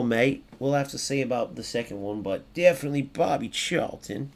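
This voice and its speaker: A young American man gives live commentary over his own football video game matches. He swears freely and swings from muttered asides to sudden loud outbursts. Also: mid-range voice, moderate pace, gravelly, pauses often. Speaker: gaming YouTuber.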